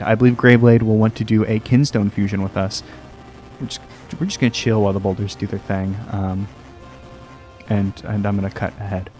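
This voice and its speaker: A man hosting a let's play, rambling and joking at himself, often jumping into a high sing-song voice. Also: a little mellow. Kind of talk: casual gameplay commentary. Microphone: desk microphone.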